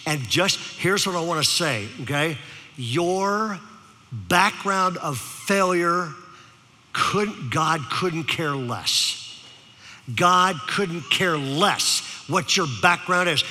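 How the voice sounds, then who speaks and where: Bright-voiced pastor in a reverberant hall. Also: male voice, fairly high pitch, expressive, slow. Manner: storytelling with repeated "okay?" to the audience. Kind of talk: sermon.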